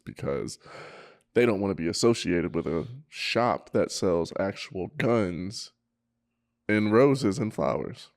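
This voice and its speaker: A man's voice: deep voice, darkish tone, no echo, clean studio sound. A man co-hosting a podcast, casually relaying news stories in a laid-back way, chuckling as he goes. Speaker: podcast co-host. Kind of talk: casual chat.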